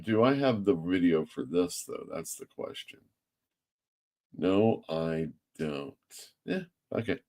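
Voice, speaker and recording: A man's voice: deep voice, lively intonation, slow, dark tone. A man hosting a livestream show as a comic shop owner, chatty and self-mocking. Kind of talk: casual livestream talk.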